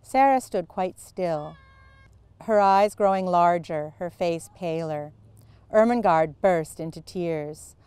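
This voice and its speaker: A woman reads a classic children's novel aloud in a measured, expressive way. Her voice sits a little low and sounds smooth and clear. The recording is close and dry. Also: dry recording. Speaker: author and creative writing lecturer.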